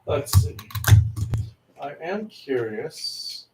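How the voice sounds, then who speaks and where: Man, hesitant and lukewarm, higher voice, roomy echo, far from the mic. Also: sing-song, very slow, noisy background. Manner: lukewarm, hesitant, many fillers. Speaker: co-host. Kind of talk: casual reaction chat. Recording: echoey room, far from mic.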